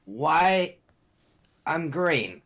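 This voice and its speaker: Man putting on a goblin voice, thick accent, slow and lively. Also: fairly high pitch, creaky, exaggerated voice. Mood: bewildered. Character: panicked male goblin, short, greedy.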